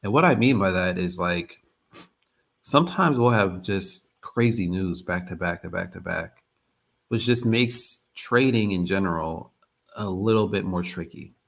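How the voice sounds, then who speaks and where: A man hosts a live trading session in a loose, chatty way and keeps circling back to repeat himself. His voice sits low and has a gravelly, fry-laden texture. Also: measured pace. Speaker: trading livestream host. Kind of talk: casual live-stream chat.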